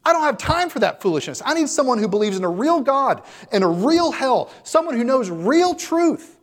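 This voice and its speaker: Preacher doing angry dying old man, raised high voice, loud, demanding, echoey hall. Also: very animated, normal speed. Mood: irate. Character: elderly dying man, terrified and irate.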